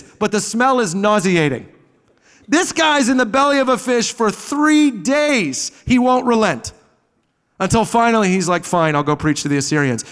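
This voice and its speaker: A male pastor delivers a sermon with a fairly high voice. He swings dramatically between loud exclamations and hushed, quiet passages. The sound carries the long reverb of a large hall.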